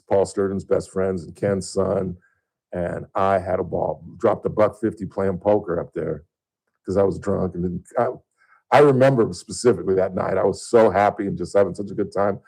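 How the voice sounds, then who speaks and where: In relaxed on-air chat, a middle-aged Southern Californian radio host tells stories, his voice turning loud and high whenever he gets excited. It sounds creaky, and the audio is poor.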